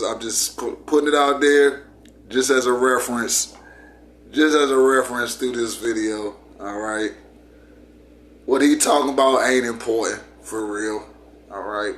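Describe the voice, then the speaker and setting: A man's voice: mid-range voice, a bit bright. A man hosting his channel, talking casually and telling a story in a laid-back, repetitive way. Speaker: channel host.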